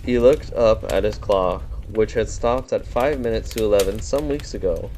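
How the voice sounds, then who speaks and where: A man gently reading a bedtime storybook aloud as the narrator, in a soothing manner. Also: lowish voice, normal speed, slight background noise.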